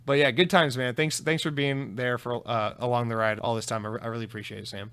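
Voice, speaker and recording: Reading listener comments on his solo podcast, a man speaks quickly in a smooth, slightly bright mid-range voice with fairly even intonation. His casual, profane, self-deprecating chat rambles, with frequent restarts and repeated words.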